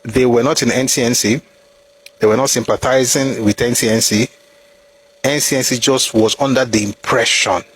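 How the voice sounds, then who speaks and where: A man with a Nigerian accent talks straight to his audience in opinionated commentary. His voice is slightly husky, and he keeps the argument going with rhetorical questions and bits of pidgin. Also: medium pitch, fairly even intonation, moderate pace, fairly bright tone. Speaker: history commentator.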